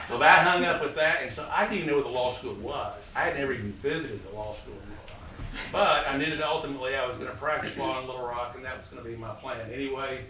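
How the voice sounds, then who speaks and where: A man's voice: mid-range voice, quick pace, pushed and bright. A man in his sixties, a college president, telling rambling stories to an audience with many fillers. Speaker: college president giving a talk. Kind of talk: storytelling talk to an audience. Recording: echoey room, distant mic, faint noise.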